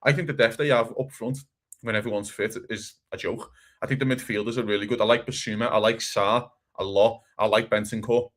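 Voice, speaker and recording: A man co-hosting a casual football chat, animated and swearing, acting out other people's quotes. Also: on the low side, a little fast. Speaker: podcast co-host.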